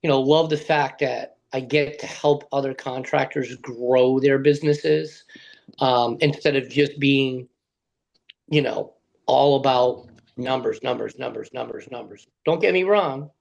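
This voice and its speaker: A man's voice: mid-range voice, steady tone, measured pace, vocal fry, a little mellow, muffled recording. A man who works as a sales rep, answering interview questions in a thoughtful, hesitant way with many fillers. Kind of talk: casual interview talk.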